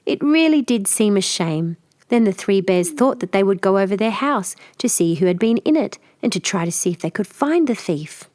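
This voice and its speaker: A woman reading a fairy tale aloud in clear, measured storybook narration for learners. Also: medium pitch, darkish tone, no room sound, studio quality.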